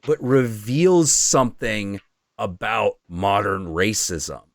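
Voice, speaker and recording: A man hosting a casual podcast, explaining at length with animated asides. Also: fairly low pitch, takes it slowly, dry recording, studio quality. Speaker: host.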